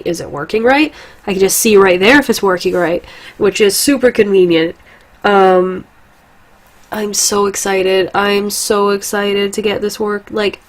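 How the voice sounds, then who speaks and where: Congested young woman chatting casually. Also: medium pitch. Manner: rambling, chatty, swears casually. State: congested, stuffy nose. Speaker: gaming vlogger. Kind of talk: casual chat.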